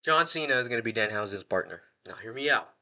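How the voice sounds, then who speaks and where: Excitable man ranting on a vlog. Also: lowish voice, quick pace. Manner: excitable, slangy, rambling with restarts. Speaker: wrestling fan vlogger. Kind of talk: casual prediction rant.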